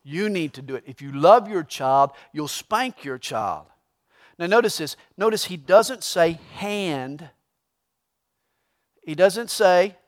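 Guy preaching, pretty high voice, punches words then drops real quiet. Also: animated, takes it slowly. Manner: emphatic preaching, swinging from loud to hushed. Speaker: pastor. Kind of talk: sermon.

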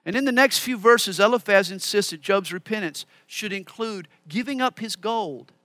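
A man's voice: sits high, moderate pace, sharp tone, no echo. A man preaching a sermon, teaching through a Bible passage verse by verse with explanatory asides.

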